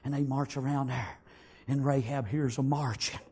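A man preaching a sermon, acting out the story, shouting some lines and whispering others. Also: medium pitch, fairly even intonation, normal speed, husky.

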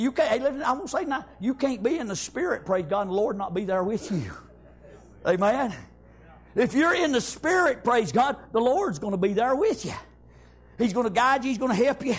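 A man preaching a fervent sermon, breaking into shouts and punctuating lines with amens. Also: sits high, creaky, slightly rough.

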